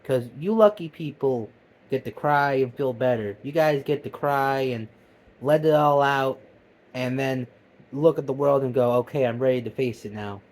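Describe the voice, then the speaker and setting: A man delivering a profane, heated comedic rant that swings between loud outbursts and low mutters. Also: unhurried. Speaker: vlogger. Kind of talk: comedic ranting monologue.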